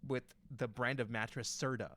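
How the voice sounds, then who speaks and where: A man's voice: mid-range voice, fairly even intonation, moderate pace, a bit bright. A young man casually telling a story on a podcast, rambling with lots of fillers and restarts. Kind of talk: casual chat.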